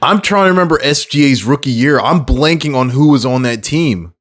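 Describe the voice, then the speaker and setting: A man talking casually to himself while playing a sports trivia game, thinking aloud, mocking his own mistakes and breaking into excited exclamations. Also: medium pitch, a little fast. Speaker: gaming creator. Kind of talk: casual gameplay commentary.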